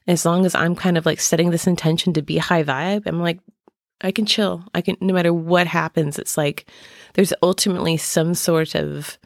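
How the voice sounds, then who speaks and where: A middle-aged woman hosting a podcast, speaking haltingly with many fillers and restarts as she searches for words. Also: sits low, creaky, no room sound, studio quality. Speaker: podcast host. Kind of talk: personal podcast talk.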